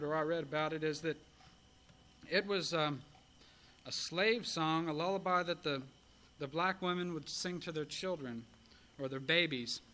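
A man's voice: fairly high pitch, pushed and bright. A man performing folk songs live for an audience with children and chatting between songs. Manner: sings ballads and a children's sing-along, talks to kids between songs. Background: guitar accompaniment.

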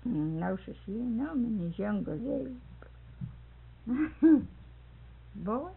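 A woman's voice: on the high side, very animated, slow pace, vocal fry, slightly rough. An older woman telling family stories, laughing often as she talks. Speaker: storyteller recalling family life. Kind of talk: casual oral history. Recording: tinny phone-like old tape.

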